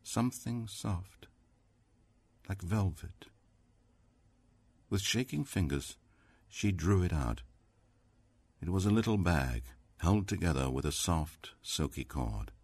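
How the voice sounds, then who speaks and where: A man narrating a story in an audiobook with dramatic, expressive delivery. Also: deep voice, slow, long pauses, husky, no room sound.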